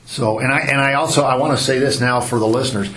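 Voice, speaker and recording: A man's voice: mid-range voice, fairly even intonation, fast talker, a bit bright, a little hiss or hum. A man hosting a podcast, asking loose, rambling questions in an easygoing way. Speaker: podcast host. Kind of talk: casual podcast interview.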